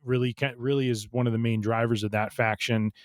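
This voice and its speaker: A man's voice: mid-range voice, fairly even intonation, a little fast, no echo. A man co-hosting a casual podcast chat, rambling with lots of fillers and restarts. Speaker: podcast co-host.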